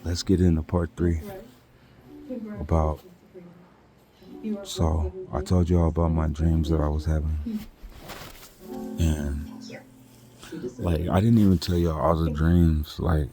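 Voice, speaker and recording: A man's voice: very deep voice, flat delivery, takes it slowly, pauses often, mellow. A man from California telling a personal story in a casual, rambling way, full of "like" and "you know". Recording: crowd chatter clearly audible behind.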